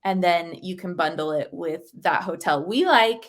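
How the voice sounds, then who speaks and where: A woman co-hosts a podcast in a relaxed, chatty way. She sounds playful and upbeat, slipping jokes into her talk. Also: on the low side, normal speed. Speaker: podcast co-host. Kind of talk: casual podcast chat.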